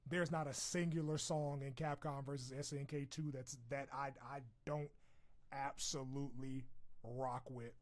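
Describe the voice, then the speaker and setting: A man's voice: mid-range voice, fairly even intonation, normal speed. A young man chatting casually on a stream in a loose, profane, jokey way, breaking into laughter. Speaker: streamer reacting to a character wishlist. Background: video game music playing.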